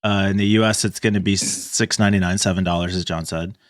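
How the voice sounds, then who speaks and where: A man with a fairly low voice presents news on a casual podcast. The sound is dry and close. His delivery is matter-of-fact. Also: steady tone, fast talker, no echo. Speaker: podcast co-host. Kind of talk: casual chat.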